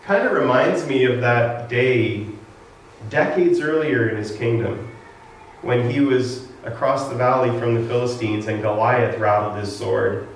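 A man's voice: mid-range voice, measured pace, slight background noise. A man preaching a casual sermon, retelling scripture with humorous asides. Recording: echoey room, distant mic.

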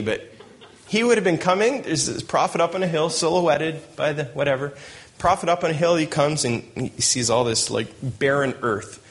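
A man's voice: fairly high pitch, a little hiss or hum. A man preaching a sermon who reads scripture aloud and breaks in with joking asides and chuckles. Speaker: pastor. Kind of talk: sermon with Bible reading.

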